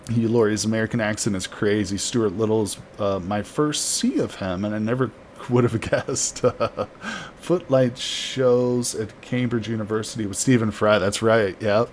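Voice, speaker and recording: A man's voice: lowish voice, a little mellow, slight background noise. A man chatting casually while streaming a colony game, reading chat aloud and laughing easily. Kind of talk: casual live-stream commentary.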